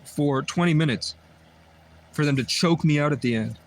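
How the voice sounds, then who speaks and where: A man's voice: on the high side, normal speed. A man on a livestream telling a long personal story in a rambling, repetitive way, often restarting his sentences. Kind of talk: livestream monologue.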